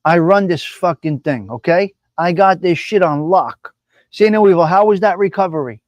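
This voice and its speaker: A man's voice: high voice, animated, normal speed, no room sound, lo-fi sound. A man hosting a live stream from his apartment, swaggering and profane, repeating lines for emphasis. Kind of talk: brash casual live-stream chat.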